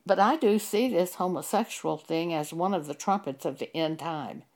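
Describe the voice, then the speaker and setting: A woman preacher delivering a sermon, speaking deliberately and with emphasis, pausing to cite scripture chapter and verse. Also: lowish voice, expressive, darkish tone.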